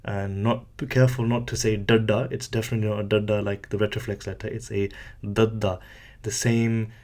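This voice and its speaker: A man teaching a language lesson, explaining letter sounds slowly and patiently while writing, with light self-deprecating asides. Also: fairly low pitch, level tone, darkish tone.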